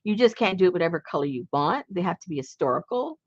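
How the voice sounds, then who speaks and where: Middle-aged woman, casual craft host, chatty and laughing, pitch jumps all over, dull lo-fi sound. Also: sing-song, quick pace, slightly rough, no room sound. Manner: chatty, laughs often, many ums and trailing restarts. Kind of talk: casual chat.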